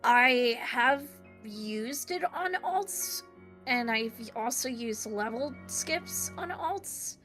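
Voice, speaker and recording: A woman's voice: fairly high pitch, animated, very slow, pushed and bright, faint music behind. A woman guest in a casual chat about a video game, giggly and hesitant, with many fillers.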